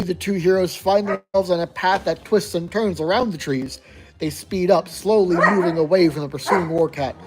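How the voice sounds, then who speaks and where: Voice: medium pitch, a little mellow, breathy edge. A player reading a choose-your-own-adventure gamebook aloud, narrating evenly and making wry asides.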